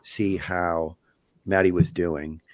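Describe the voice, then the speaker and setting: A man podcast co-host, a family therapist, talking in a measured, thoughtful way about a listener's letter. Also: sits low, level tone, no echo. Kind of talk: reflective podcast talk.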